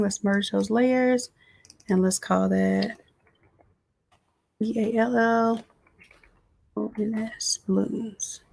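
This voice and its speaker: A woman design instructor giving a casual, chatty live software tutorial from home, talking straight to her viewers. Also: medium pitch, gravelly.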